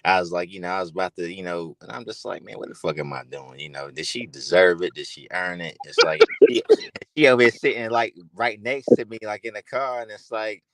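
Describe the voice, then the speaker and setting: Deep-voiced, laid-back man. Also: brisk, crowd noise. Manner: laid-back, agreeing, laughs along. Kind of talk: casual podcast chat.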